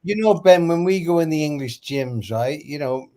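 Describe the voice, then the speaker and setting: Halting man full of fillers. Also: on the high side, lively intonation, darkish tone. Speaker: guest. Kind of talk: casual conversation.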